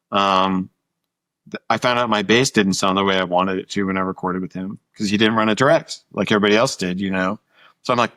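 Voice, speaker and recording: A man's voice: lowish voice, fairly bright tone, no room sound. A middle-aged man from Montana, a musician guest telling anecdotes in an interview, acting out quoted dialogue and swearing casually. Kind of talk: storytelling interview.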